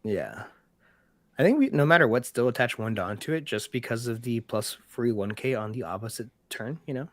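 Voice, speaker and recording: A man's voice: medium pitch, animated, moderate pace. A man with a mid-range voice co-commentates a card game match in an upbeat, agreeable way. He points out rules as he talks. The sound is dry, with no room echo.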